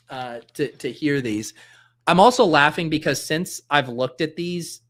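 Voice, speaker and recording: A man with a fairly high, slightly bright voice speaks a little slowly while running a casual livestream. He's drafting fantasy football, musing aloud and bantering with chat comments.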